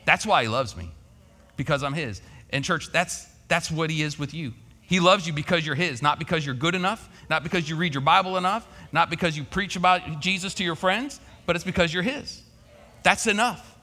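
A man's voice: a little high, fairly quick, bright, forceful tone, long reverb tail. A man preaching a sermon, telling a personal story in a folksy, conversational way. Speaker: pastor.

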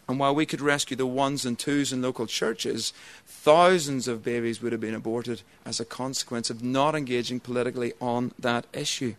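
Man giving a debate speech. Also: medium pitch. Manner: measured, argumentative, persuasive. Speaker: church member speaking in a debate.

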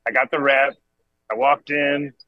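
A man's voice: mid-range voice, level tone, unhurried, no echo, highs cut off. A man from Rhode Island hosting a podcast from a cannabis club over a video call, telling rambling, profane stories in casual chat. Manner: rambling, profane, laughing storyteller. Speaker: podcast host. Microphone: camera on a video call.

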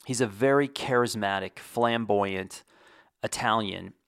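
A middle-aged man with a fairly low voice rambles through a casual solo podcast, full of wry self-deprecating jokes. The sound is dry and close, with no room around it. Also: unhurried, gravelly, a bit bright, clean tone, dry recording. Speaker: podcast host.

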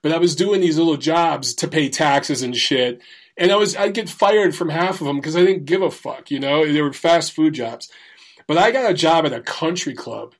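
A man's voice: on the high side, moderate pace. Profane, laughing man telling stories. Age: adult, former Marine. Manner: profane, animated, laughs through punchlines. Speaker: storyteller. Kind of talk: casual storytelling.

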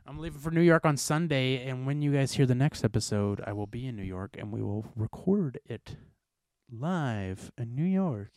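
A man's voice: medium pitch, moderate pace, dry recording, clean studio sound. Rambling young man hosting a podcast. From United States. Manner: rambling, animated storytelling. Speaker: podcast host. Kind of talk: casual podcast chat.

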